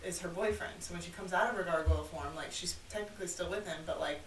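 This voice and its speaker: A woman's voice: on the low side, fast. A woman co-hosting a podcast, chatting casually with lots of "like" fillers. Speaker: podcast co-host. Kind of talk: casual chat. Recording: echoey and a bit distant with faint hiss.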